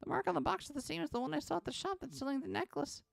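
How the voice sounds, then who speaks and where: A woman streamer reading game text aloud in an expressive, dramatic way, with sudden high exclamations. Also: rapid-fire, gravelly, dry recording, studio quality.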